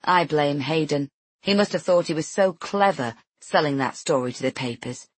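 A woman's voice: deep voice, moderate pace, slightly rough, dry recording. A woman narrating a novel in first person, tense and introspective. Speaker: audiobook narrator.

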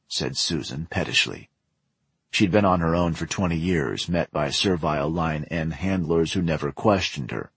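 A male narrator reads a spy novel with measured, even storytelling. His voice is very low and husky. The recording is dry and close. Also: no echo. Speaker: audiobook narrator. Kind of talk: scripted narration.

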